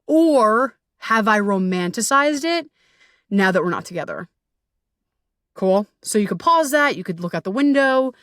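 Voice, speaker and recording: A young woman hosting a solo podcast as a relationship coach, talking candidly and casually, swearing freely, with animated jumps into quoted voices. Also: mid-range voice, unhurried, dry recording, clean studio sound.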